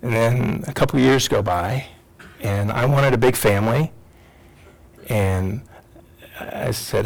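A middle-aged man, a psychologist and teacher, telling an emotional personal story to an audience, swinging from loud to hushed. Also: medium pitch, takes it slowly, creaky, long pauses, poor audio.

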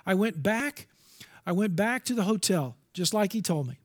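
Man, preacher, sermon, high-pitched voice, earnest, storytelling. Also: animated, normal speed, fairly bright tone, husky. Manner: earnest, storytelling, acts out dialogue.

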